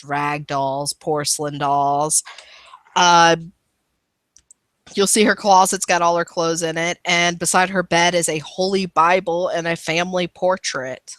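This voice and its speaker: A woman's voice: low-pitched, fairly bright tone, no echo. A woman narrating a tabletop role-playing game as game master, casual and rambling with many fillers.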